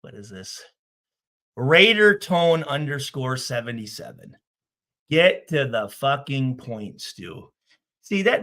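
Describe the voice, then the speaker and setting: A man with a fairly high, lively voice riffs on viewer comments in a casual vlog. He swears freely and stutters, often restarting his sentences and repeating himself. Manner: profane, animated, repeats himself. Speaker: vlogger reading comments.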